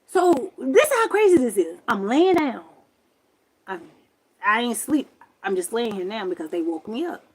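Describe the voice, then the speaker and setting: A woman hosting a livestream, telling a story to her viewers in a loud, profane, exasperated rant from her camper. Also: fairly high pitch, big pitch swings, moderate pace, husky, low-quality recording. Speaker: livestream host.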